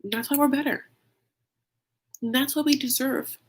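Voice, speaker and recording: A young man recapping a reality show in a campy, sassy, animated storytelling style, calling viewers "honey". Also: very high voice, moderate pace. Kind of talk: casual comedic recap.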